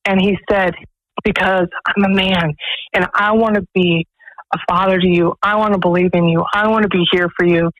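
A woman's voice: fairly low pitch, steady tone, moderate pace, no echo, rough recording. Woman guest on a radio talk show, telling stories all heartfelt, dry close mic. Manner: earnest storytelling, quoting others. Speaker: executive director of a pregnancy resource center.

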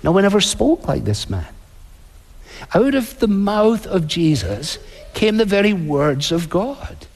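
Male pastor, higher voice, earnest conversational sermon, big reverberant sanctuary. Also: big pitch swings, a little slow. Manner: earnest, conversational preaching with rhetorical questions and quoted voices. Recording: long reverb in a large hall.

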